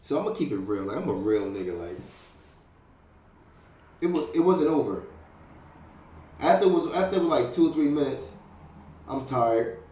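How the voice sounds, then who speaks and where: A young man tells a story in a loose, streetwise way, swearing freely and filling the gaps with sound effects and checks on his listener. His voice sits at an ordinary middle pitch. The room around him rings with a clear echo. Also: moderate pace, pauses often. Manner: streetwise, profane, animated, fillers like "you know what I mean". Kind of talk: casual storytelling.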